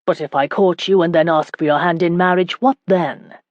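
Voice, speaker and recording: Woman doing a proud nobleman, blunt, forceful, low deep tone, dry close recording, audiobook. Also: steady tone, moderate pace, no echo, lo-fi sound, lightly acted. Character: proud English nobleman, hot-tempered suitor.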